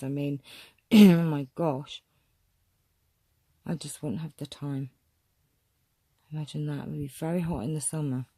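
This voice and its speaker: Low, unhurried chatty woman. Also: warm tone, no echo. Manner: chatty, musing aloud, frequent throat clearing. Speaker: vlogger showing a photo collection. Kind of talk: casual show-and-tell commentary.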